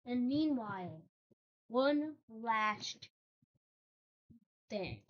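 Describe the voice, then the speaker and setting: A woman's voice: a little high, animated, drawn-out words, highs cut off. A woman casually narrating over a map, hesitant, with frequent ums and self-corrections.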